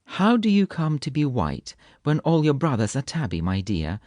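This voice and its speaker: A man's voice: mid-range voice, huge pitch swings, moderate pace, darkish tone, dry recording. A man voicing an earnest little girl who questions a talking kitten with polite doubt. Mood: puzzled.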